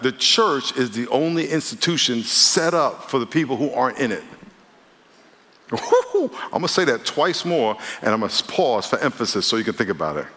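Preaching pastor in a reverberant hall. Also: male voice, medium pitch. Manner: lively preaching, quick shifts between loud emphasis and quiet asides. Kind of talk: sermon. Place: church sanctuary.

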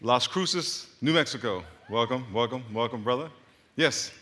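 A man's voice: mid-range voice, normal speed, sharp tone. A middle-aged man from Long Island, a pastor greeting his congregation and joking with the crowd. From Long Island, New York. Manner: joking, teasing banter with the crowd. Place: large church auditorium. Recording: reverberant large hall.

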